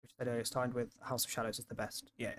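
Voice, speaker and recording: A man's voice: mid-range voice, level tone, quick pace, fairly bright tone, a little hiss or hum. A man streaming a horror game, commenting casually and laughing often. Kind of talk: let's play commentary.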